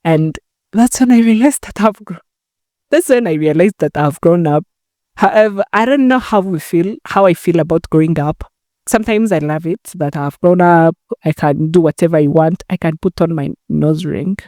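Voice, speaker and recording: A young woman from Rwanda hosts her own podcast, talking straight to a camera in a loose, rambling chat. Her voice sits a little low and has a mellow, dark tone. The sound is dry and close. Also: normal speed, no echo. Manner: chatty, rambling, acts out phone calls. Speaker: podcast host. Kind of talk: casual solo podcast chat.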